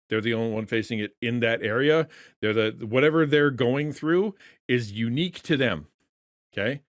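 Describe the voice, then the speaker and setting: A man's voice: medium pitch, no room sound, studio quality. A man coaching content creators in a conversational teaching session, earnest in tone, often restarting words and asking rhetorical questions.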